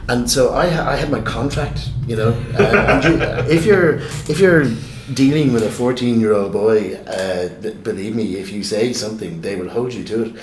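A man's voice: mid-range voice, moderate pace, slight background noise. A man telling a story in casual conversation, rambling and self-mocking, with many restarts. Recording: roomy echo.

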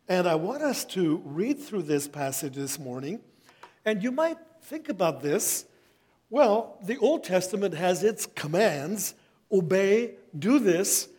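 A middle-aged man preaching a sermon as pastor, speaking in a measured, earnest way and reading scripture slowly. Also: high-pitched, darkish tone.

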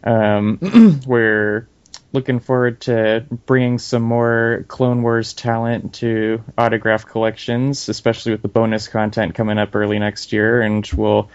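Male guest, low and flat delivery, relaxed, dull audio. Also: measured pace, clean tone. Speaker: guest from a media company. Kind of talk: casual podcast talk.

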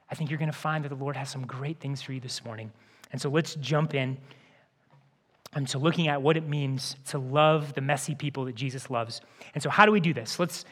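A man's voice: high voice, fairly bright tone. A middle-aged man preaching a sermon as pastor, earnest and conversational, building to emphatic peaks. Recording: long hall reverb.

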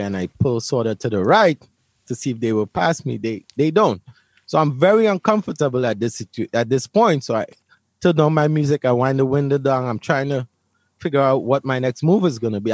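A man from Brooklyn recounts a personal story to an interviewer, emphatic and vivid, often repeating words. His voice sits at an ordinary middle pitch. The sound is dry and close. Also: darkish tone, no room sound. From Brooklyn, New York. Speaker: interview guest. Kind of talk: storytelling in conversation.

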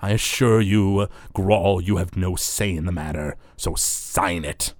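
A man voicing a hunched, sinister old devil dealmaker who speaks slowly and smugly. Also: low-pitched, no echo, clean studio sound. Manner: slow, smug, deliberate.

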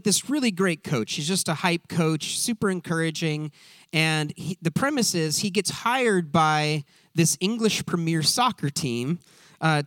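Brief: male pastor, chatty sermon aside, a touch high-pitched, dry close sound. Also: no echo. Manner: animated, rambling, many fillers.

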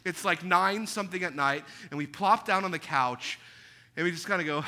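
Pastor, male, thirties; high, very bright voice, chatty storytelling sermon. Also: normal speed. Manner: conversational storytelling with acted quotes. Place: church auditorium.

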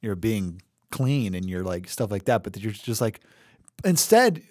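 A man in his thirties co-hosts a podcast in easy, casual chat. He is animated and laughs often, and his pitch rises and falls widely as he slips into other people's voices. The sound is close and dry, with no room echo. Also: a little slow. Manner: animated, laughing, mimics voices when telling stories. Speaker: podcast co-host.

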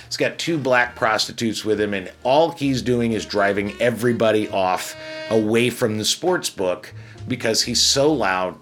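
A man's voice: fairly low pitch, fairly bright tone. A man from Chicago, a casino hotel security manager, telling a story bluntly and profanely, with frequent restarts. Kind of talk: casual storytelling.

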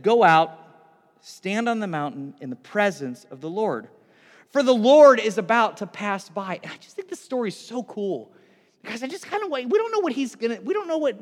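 A man preaching a sermon, retelling a scripture story with animated, excited delivery and frequent restarts. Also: sits high, long reverb tail. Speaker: pastor.

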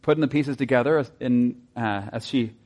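A man preaching a sermon in a conversational way, asking his listeners rhetorical questions and dropping into soft asides. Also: mid-range voice, normal speed. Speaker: pastor.

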